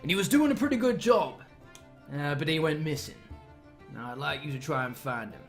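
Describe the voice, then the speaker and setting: A man playing a gruff, brusque tavern keeper handing out a job. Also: a little high, lively intonation, brisk, faint music behind, voice pushed down. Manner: brusque, swearing, businesslike.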